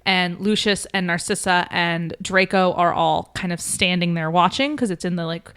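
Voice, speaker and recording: A woman with a somewhat low voice retells a story in a quick, animated rush, full of fillers. It sounds like a casual podcast chat among friends. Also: smooth. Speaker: podcast host.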